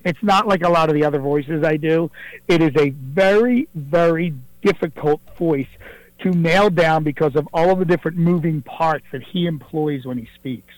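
Guest caller: a man, friendly and explanatory, slightly high voice, dry close sound. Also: normal speed, no room sound, low-quality recording. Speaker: impressionist caller. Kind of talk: casual radio call-in chat.

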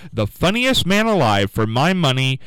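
A man's voice: medium pitch, very animated, normal speed, fairly bright tone, clean tone, no echo, poor audio. A man hosting a radio interview, upbeat and chatty, laughing along with his guest. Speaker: radio host.

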